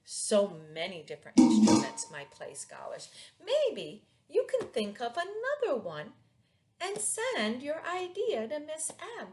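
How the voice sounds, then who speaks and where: A woman's voice: high-pitched, wildly swooping pitch, unhurried, darkish tone. A woman teacher reading a picture book aloud to young children, sing-song and playful with the sound words.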